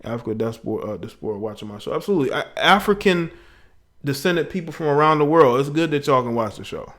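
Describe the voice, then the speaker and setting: Fast-talking and animated, a livestream host with a medium-pitched, somewhat bright voice chats in slang on his call-in show, laughing as he reads out viewer comments.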